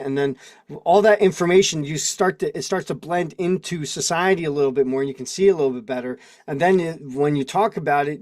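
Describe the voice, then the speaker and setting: A man's voice: on the high side, a little mellow. A man hosting a casual livestream, preaching with strings of rhetorical questions and answering chat comments, heard through a video call microphone. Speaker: livestream host.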